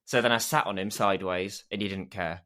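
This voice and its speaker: Chill guy telling a story on a podcast, bright forward voice. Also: low-pitched, brisk. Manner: relaxed storytelling, laid-back. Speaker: podcast co-host. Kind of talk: casual chat.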